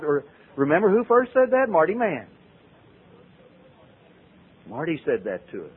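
A man's voice: a little high, wildly swooping pitch, measured pace, long pauses, breathy edge. A man telling his life story to a group, acting out the voices of the people in it. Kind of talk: storytelling talk. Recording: tinny, phone-like old recording.

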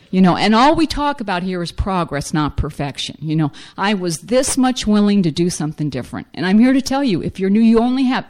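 A middle-aged woman speaks to a recovery group about her own story. She is blunt and self-mocking. She talks in loose, run-on sentences full of "you know". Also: fairly high pitch. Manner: blunt and humorous, fills speech with "you know". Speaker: speaker sharing at a recovery meeting. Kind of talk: personal recovery share to a group.

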